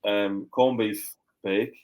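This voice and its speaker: A man from Yorkshire with a fairly low voice talks casually as a guest on a podcast. He rambles a little and laughs easily. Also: fairly even intonation, slow pace, darkish tone, poor audio. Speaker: guest author.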